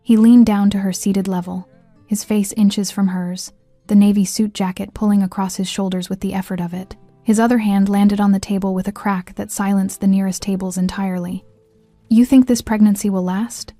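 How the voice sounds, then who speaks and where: A woman giving a measured, scripted narration of a story. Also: medium pitch, no room sound. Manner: measured, even reading. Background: faint music.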